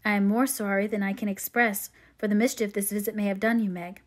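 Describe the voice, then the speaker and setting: A woman's voice: mid-range voice, flat delivery, fairly quick, close to an everyday voice. A woman reading aloud as a wise middle-aged mother advising her daughter. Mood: tender.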